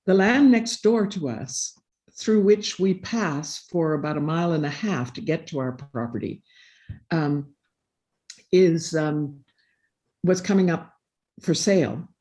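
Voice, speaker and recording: A woman's voice: deep voice, a little slow, mellow. A woman speaking on a panel, telling a personal story in an earnest, reflective way. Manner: earnest, reflective, acts out quoted dialogue. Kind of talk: personal storytelling in a live session.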